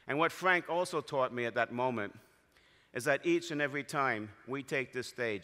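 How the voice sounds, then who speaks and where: A man's voice: mid-range voice, moderate pace, bright, forceful tone. A man telling heartfelt stories in a keynote speech as an association president, in a large convention hall. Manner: storytelling, heartfelt. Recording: long hall reverb.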